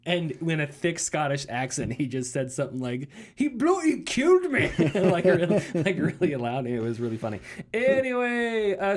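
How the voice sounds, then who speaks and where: A man's voice: medium pitch, a little mellow. A man co-hosting a gaming podcast, talking loosely with lots of fillers and sarcastic asides, laughing easily. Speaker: podcast co-host. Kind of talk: casual gaming news chat.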